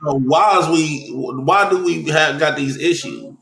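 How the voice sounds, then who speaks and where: A man's voice: on the high side, unhurried, vocal fry, a bit bright. A man hosting a livestream, teasing and crude in casual banter. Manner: teasing, crude, laughs a lot.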